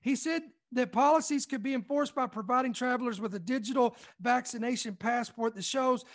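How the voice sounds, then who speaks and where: Emphatic man from Kentucky. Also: very high-pitched. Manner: emphatic, repeats points slowly for effect. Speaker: online commentary host. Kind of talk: reading and commenting on news.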